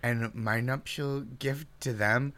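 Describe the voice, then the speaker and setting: A man's voice: medium pitch, steady tone, slow, pushed and bright. A man who is a guest on a comedy podcast, bantering and laughing through his own jokes.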